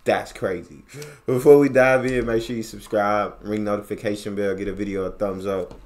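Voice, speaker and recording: An American man hosts a reaction video in an animated, slang-heavy way, talking back at what he watches. His voice sits somewhat low. He keeps the tone loose and chatty. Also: moderate pace. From United States. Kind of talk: casual reaction commentary.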